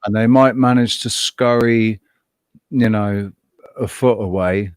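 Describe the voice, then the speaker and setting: A man's voice: lowish voice, fairly even intonation, takes it slowly, a little hiss or hum. A man co-hosting a casual chat, telling rambling, profane stories with many restarts. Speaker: co-host.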